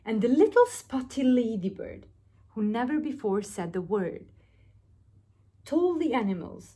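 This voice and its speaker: A woman reading a picture book aloud for young children, stretching her words slowly. Her pitch swoops widely and sits a little high, with a husky edge. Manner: expressive, drawn-out storytelling. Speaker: nursery teacher.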